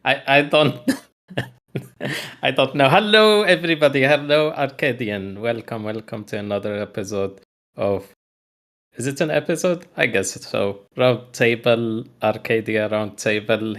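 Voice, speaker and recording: A man's voice: fairly low pitch, fairly bright tone. A man guesting on a live gaming podcast, talking in a hesitant, laughing, slightly awkward way.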